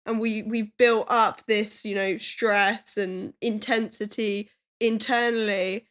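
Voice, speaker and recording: A woman's voice: medium pitch, steady tone, slow pace, fairly bright tone. A young woman appearing as a podcast guest, speaking in a reflective, hesitant way full of fillers. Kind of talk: casual podcast chat.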